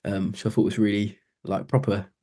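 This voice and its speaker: A man's voice: fairly low pitch, level tone, fairly quick, dark tone. A man co-hosting a podcast in casual chat, laughing and recounting film scenes animatedly. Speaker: podcast co-host.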